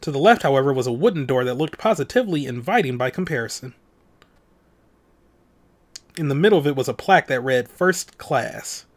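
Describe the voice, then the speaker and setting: A man's voice: mid-range voice, expressive, quick pace, long pauses. A man hosting a let's play, reading a visual novel's text aloud in a dramatic voice and dropping in casual comments. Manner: dramatic read-aloud broken by offhand comments.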